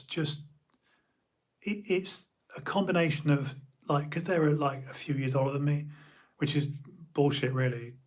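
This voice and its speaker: A young man from the UK, streaming an emotional personal monologue, halting and repeating his words as he talks. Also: on the high side.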